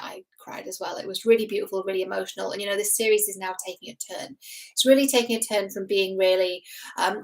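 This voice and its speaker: A woman's voice: mid-range voice, vocal fry. Earnest woman hosting a show reaction. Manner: earnest, analytical, with frequent fillers and restarts. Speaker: relationship expert and show host. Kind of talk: casual reaction commentary to camera.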